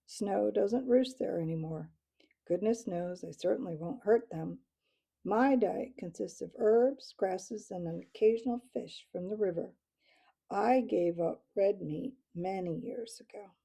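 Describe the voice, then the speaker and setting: A woman reading as a refined tomcat gentleman, idle and faintly disdainful, lounging through his words with a dark, mellow, slightly husky tone. He sounds unhurried and gravelly at the edges, a storybook aristocrat. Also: medium pitch, heavily acted, poor audio. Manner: idle, genteel, mildly disdainful. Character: refined languid male cat squire.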